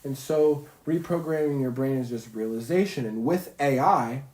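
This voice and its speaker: A man's voice: medium pitch, normal speed, a little mellow. A man livestreaming from his bedroom in a casual, rambling monologue, swearing freely, using slang and making little zooming sound effects. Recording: roomy echo.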